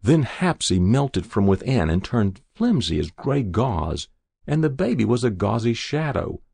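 A man narrating a literary short story in a measured, expressive way. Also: fairly low pitch, gravelly, husky, no room sound. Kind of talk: scripted narration.

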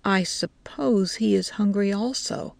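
A woman's voice: medium pitch, measured pace, creaky, darkish tone, no echo. A woman voicing a stubborn old village woman. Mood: mild. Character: brave old village woman, plain-spoken.

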